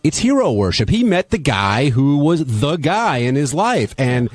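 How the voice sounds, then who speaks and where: A man on a radio show who asks questions and gives his views in a measured way. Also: a little high, big pitch swings. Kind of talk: radio interview.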